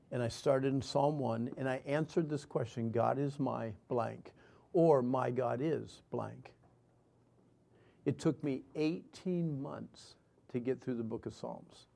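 A man preaching a sermon and telling his own story earnestly, moving between loud emphasis and hushed lines. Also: mid-range voice, gravelly. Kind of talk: sermon with personal testimony.

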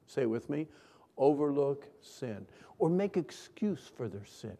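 A middle-aged man preaching a sermon, leading call-and-response and swinging between hushed and loud lines. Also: mid-range voice, big pitch swings, a little slow. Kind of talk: sermon to a congregation. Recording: long hall reverb.

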